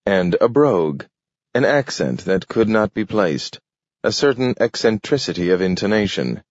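A man narrating an audiobook in a measured, deliberate reading. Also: fairly low pitch, very animated, dry recording. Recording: dull lo-fi recording.

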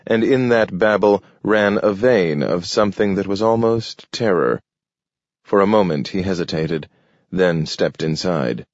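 A man narrating a story in a measured, steady way. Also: low-pitched, no echo. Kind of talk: scripted audiobook narration. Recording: dull, dry lo-fi recording.

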